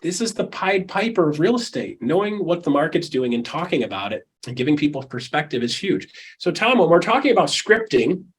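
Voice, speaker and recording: A middle-aged man coaching real estate agents in an interview, talking with animated energy and acting out the people and calls he describes. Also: on the high side, a little fast, few pauses.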